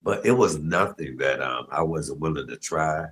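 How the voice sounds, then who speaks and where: A man's voice: rumbling low, expressive, normal speed, fairly bright tone, rough recording. A middle-aged man, telling stories on a home cooking livestream, chatty and laughing. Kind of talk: casual storytelling while cooking.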